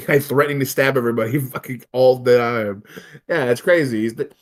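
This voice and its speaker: A man's voice: mid-range voice, fairly quick. A man in casual conversation, ranting with lots of swearing and laughter. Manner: profane, animated ranting with laughs. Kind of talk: casual chat.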